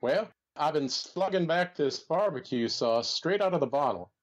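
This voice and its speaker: A man's voice: on the high side, lively intonation, normal speed, muffled recording, close to an everyday voice. A man doing a folksy male wrestling commentator character who speaks with hesitant fillers. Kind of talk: comedy podcast impression.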